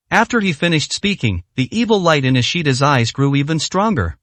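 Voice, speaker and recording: A man narrating a dramatic story in a scripted, expressive reading. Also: a little high, fairly quick, no echo.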